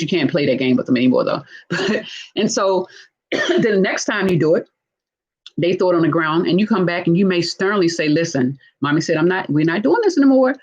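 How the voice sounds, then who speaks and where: A woman with a husky, slightly breathy voice talks through her subject in a live, casual teaching style. She is animated, acts out bits of dialogue and keeps checking in with "right?". The recording sounds dull and lo-fi. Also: fairly low pitch. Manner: animated, acts out quoted speech, frequent "right?". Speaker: host discussing narcissistic relationships.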